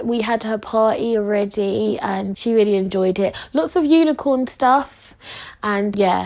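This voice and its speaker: Solo podcast host, woman, mid-height voice with fry; loose, confessional, swears now and then. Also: medium pitch, a little mellow. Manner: chatty, candid, heavy use of "like" and "you know"; open about her feelings, sometimes swears. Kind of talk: casual solo podcast chat.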